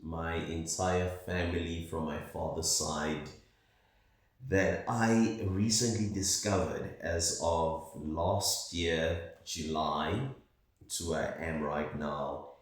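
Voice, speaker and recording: A South African-born man vlogging in an earnest, rambling monologue with pauses. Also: very deep voice, fairly even intonation. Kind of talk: casual monologue to camera. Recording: very echoey, far from the mic.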